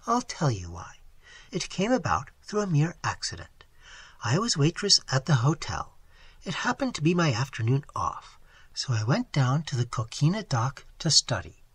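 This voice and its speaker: A woman's voice: sits low, big pitch swings, normal speed, breathy edge, no room sound, exaggerated voice. A reader voicing a young waitress who candidly tells her story in a good-humored way. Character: earnest young waitress telling her tale. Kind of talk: audiobook narration.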